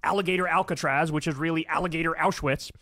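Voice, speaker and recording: High-voiced man arguing emphatically. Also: fairly even intonation, quick pace, sharp tone, no echo, studio quality. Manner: emphatic, profane. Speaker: debate participant. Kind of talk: heated political argument.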